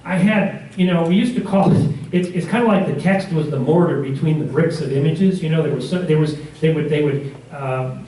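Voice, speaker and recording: A man's voice: a little high, a little fast, dark tone, far from the mic. Rambling man in a roomy classroom. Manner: rambling, self-correcting storyteller with chuckles. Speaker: community class teacher. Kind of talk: casual classroom talk.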